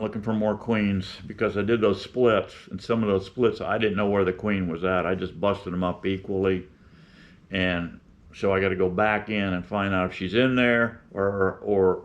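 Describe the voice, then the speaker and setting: A man in his seventies from with a drawl, talking to his beekeeping channel in a folksy, opinionated, rambling way. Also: deep voice. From Florida. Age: 70s. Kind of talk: rambling casual vlog talk. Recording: dull lo-fi sound.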